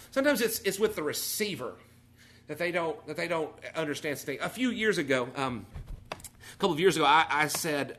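Male preacher, animated and chatty, slightly high, bright voice, echoey room. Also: a little hiss or hum. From Texas or Arkansas, USA. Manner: animated, conversational, rising and falling in volume. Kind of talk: sermon.

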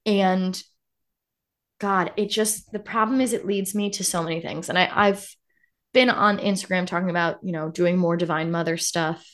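Lower-voiced woman podcast co-host. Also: fairly even intonation, moderate pace. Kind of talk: casual chat about a book.

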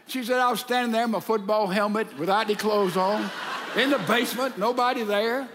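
A man with a high voice preaches to a congregation, retelling a story with lively acted-out quotes. His voice rings with long reverb through a large hall. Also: brisk, noisy background. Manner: animated storytelling, acting out quoted letters. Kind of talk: sermon with storytelling.

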